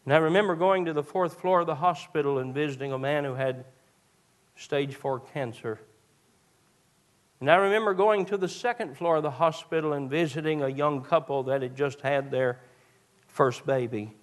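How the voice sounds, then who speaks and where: A male pastor, preaching a sermon that moves from quiet storytelling to raised, fervent preaching. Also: on the high side, moderate pace.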